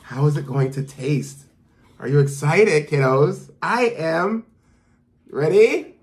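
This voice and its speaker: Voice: medium pitch, lively intonation, slow. A host of a children's channel giving a cheerful cooking demo for kids, talking upbeat and calling the young viewers kiddos.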